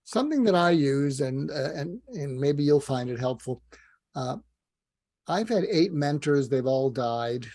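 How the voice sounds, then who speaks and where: A man's voice: fairly high pitch, animated, unhurried, dark tone. An older man, a guest in a conversation, telling stories candidly and a little hesitantly. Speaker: guest, executive coach. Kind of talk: conversational interview.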